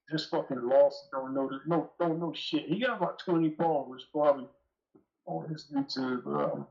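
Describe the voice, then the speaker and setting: A man's voice: a little high, a little mellow, lo-fi sound. A man calling in as a guest, telling a rambling story in casual, profane talk, sounding aggrieved. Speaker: call-in guest. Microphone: phone call.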